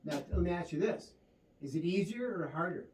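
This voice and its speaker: A man teaching a one-on-one drum lesson, coaching his student and counting the beats out loud. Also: high voice, lively intonation, fairly quick. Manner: coaching, counts beats aloud over the playing. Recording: roomy, distant mic, loud drums behind.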